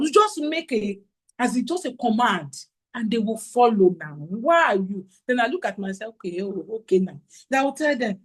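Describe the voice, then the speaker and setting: A woman delivers a lively parenting talk at a conference. Her voice sits a little high, and she keeps asking her listeners questions. She acts out what parents and children say as she goes. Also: husky, poor audio. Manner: animated, acts out quotes, asks audience questions.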